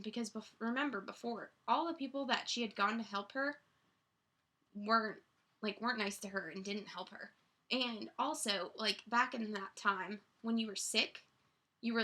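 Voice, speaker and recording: A woman's voice: medium pitch, bright, forceful tone. A young woman leading a casual student Bible study, reading a passage and then chatting it through with lots of fillers and restarts.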